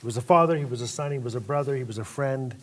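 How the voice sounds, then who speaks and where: A man telling stories on a panel at a lecture event, lively and acting out voices of the people in his stories. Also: medium pitch, rapid-fire. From Northwest Territories, Canada. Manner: animated storyteller who acts out voices. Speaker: panel guest author. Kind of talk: storytelling on a panel.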